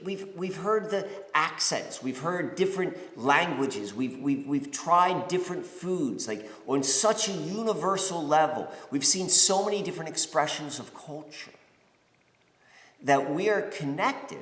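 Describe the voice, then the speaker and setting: This American man hosts a spiritual podcast, giving a casual talk full of fillers, restarts and "you know"s as he rambles. His voice sits fairly high with a fairly bright tone, and the recording has the reverb of a roomy space.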